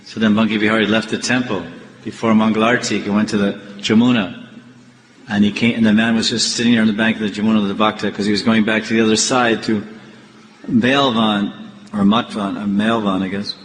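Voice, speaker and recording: A swami giving a devotional class, telling temple stories and acting out the characters' voices. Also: male voice, on the low side, brisk. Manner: animated storyteller acting out the characters' lines. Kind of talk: devotional storytelling lecture. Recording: echoey hall with faint noise.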